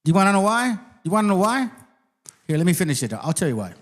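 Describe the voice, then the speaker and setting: Casting: male channel host, slightly high voice, blunt and foul-mouthed, street slang. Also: very animated, quick pace. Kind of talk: profane casual commentary.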